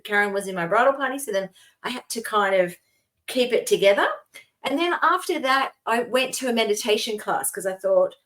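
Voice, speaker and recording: A woman's voice: mid-range voice, a bit bright. Australian woman, middle-aged, podcast co-host, casual chat, rambling storyteller, laughs often.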